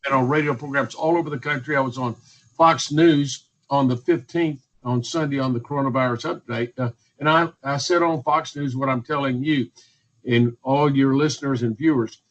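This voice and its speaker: A man's voice: mid-range voice, fairly even intonation, normal speed, highs cut off. A man, speaking as a physician guest in a radio interview, emphatic and repetitive, listing points one by one. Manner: emphatic, repetitive, list-making.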